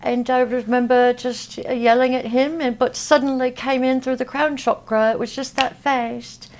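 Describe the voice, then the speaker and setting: High-voiced woman with a gravelly edge. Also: little pitch movement, a little hiss or hum. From Texas, USA. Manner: hesitant, halting with many fillers. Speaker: interview guest, spiritual healer. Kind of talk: casual interview talk. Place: at a convention.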